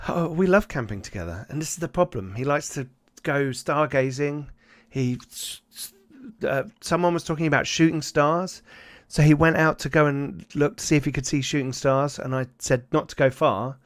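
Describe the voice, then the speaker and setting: A man voicing a panicked middle-aged father whose son has gone missing, pleading in a rushed, breathless way. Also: a little high, pitched above the performer's own voice, lightly acted. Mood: anxious.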